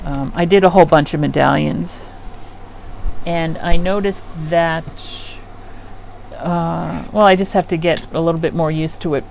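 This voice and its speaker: Rambling middle-aged woman with a gravelly voice. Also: deep voice, fairly even intonation, unhurried, a little mellow. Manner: rambling, chatty, trails off mid-sentence. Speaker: craft channel host. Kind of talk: casual crafting chat. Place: home craft room with an air conditioner running. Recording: faint air conditioner hum behind.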